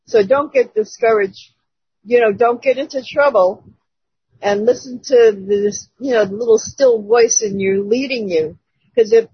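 A woman's voice: fairly high pitch, breathy edge, dry recording. A woman casually telling a personal testimony to her church group, chatty and laughing between phrases, over a dull lo-fi call. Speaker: church member giving a testimony.

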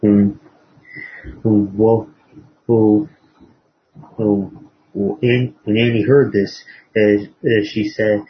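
A man preaching, retelling a moral story in a halting way with many fillers and restarts. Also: lowish voice, flat delivery, slightly rough. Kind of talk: sermon storytelling. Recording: dull lo-fi recording.

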